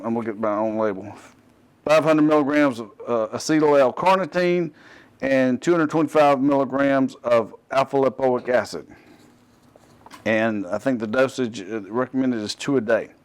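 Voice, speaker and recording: A man's voice: mid-range voice, moderate pace. A middle-aged man with a Southern accent hosting a fitness TV show, talking casually, rambling and cutting himself off with joking asides. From US Gulf Coast. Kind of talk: casual unscripted TV talk.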